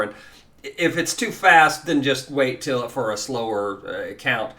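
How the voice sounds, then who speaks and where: A man's voice: medium pitch, expressive, normal speed, sharp tone. A man teaching a guided guitar lesson, counting beats aloud and coaching the listener in a casual, encouraging way. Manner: casual, encouraging, many fillers.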